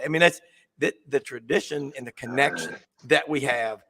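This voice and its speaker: A man hosting a sports talk show, excitable and rambling, and losing his voice. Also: mid-range voice, moderate pace, creaky. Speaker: sports radio host. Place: coffee shop.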